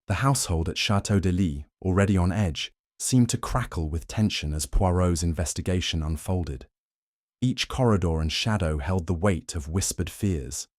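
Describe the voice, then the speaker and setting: A male narrator reads a mystery audiobook in a measured, wry way. His voice sits very low. The recording is close and dry. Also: darkish tone, dry recording. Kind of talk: scripted narration.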